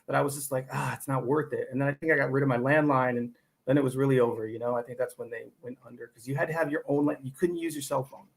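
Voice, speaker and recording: A man's voice: mid-range voice, steady tone, fast talker, vocal fry. A middle-aged man from Michigan, a guest on a podcast, telling rambling stories in casual chat with lots of fillers and restarts.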